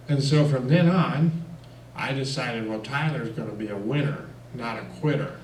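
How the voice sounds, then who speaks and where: A man spins folksy personal stories at a church, chuckling between lines. He sits at a middle pitch. His voice carries from a distance in a reverberant room, with a faint hum of ambience behind him. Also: measured pace. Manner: folksy, lively anecdotes with chuckles and fillers. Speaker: guest speaker. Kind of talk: personal storytelling talk. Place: church hall. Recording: echoey room, mic far off.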